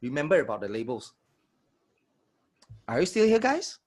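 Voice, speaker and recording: Husky-voiced man teaching sales. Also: a little high, moderate pace. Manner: energetic, checks in with audience often. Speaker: sales trainer. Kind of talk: live online workshop teaching.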